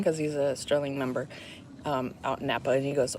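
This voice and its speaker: A woman's voice: sits low, big pitch swings, fast talker. A woman in her fifties telling a rambling, chatty story to her viewers, with lots of fillers. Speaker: vlogger. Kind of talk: casual chat to viewers. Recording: loud cricket noise behind voice. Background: crickets and insects chirping.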